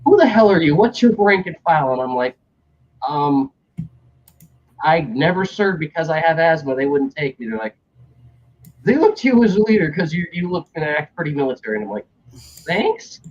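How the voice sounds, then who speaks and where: Young guy ranting through a wild story, husky voice, pitch jumps all over, muffled lo-fi stream sound. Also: moderate pace, long pauses. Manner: animated, acts out other people's lines, swears freely. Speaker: stream host telling a story. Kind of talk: casual storytelling chat. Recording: dull lo-fi stream audio.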